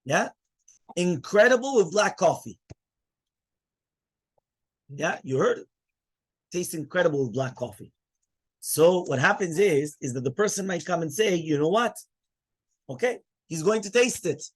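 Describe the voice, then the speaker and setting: A rabbi gives a lively Torah class, throwing questions at his listeners and hushing the room. His voice is fairly high for a man and a bit husky. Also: a little slow, long pauses. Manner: animated, asks the listeners questions and quiets them. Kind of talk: Torah class to a live audience.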